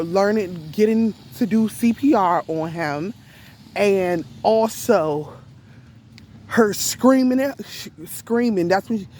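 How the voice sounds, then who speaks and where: A woman retelling an event to viewers in casual speech, deliberate and emphatic, pressing her points with rhetorical questions. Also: medium pitch, darkish tone, a little hiss or hum. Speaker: storyteller recounting an event to viewers.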